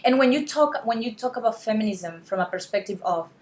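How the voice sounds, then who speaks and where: A woman talking as a podcast guest in a casual conversation, earnest and animated. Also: fairly high pitch, brisk. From Latin America. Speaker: podcast guest, wellness coach.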